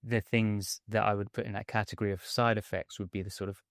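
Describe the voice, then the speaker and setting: A man with a lowish voice talks through his coaching ideas in a conversational podcast interview. He speaks in a measured, hedging way, padding his points with "sort of" and "kind of". The sound is dry and close. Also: little pitch movement, dry recording. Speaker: mindset and anxiety coach, podcast guest.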